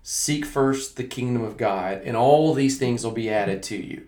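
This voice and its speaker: A man's voice: mid-range voice, unhurried, warm tone. A man hosting a podcast, chatting and reflecting on faith in an easy conversational way. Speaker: podcast host. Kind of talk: casual chat. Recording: roomy sound.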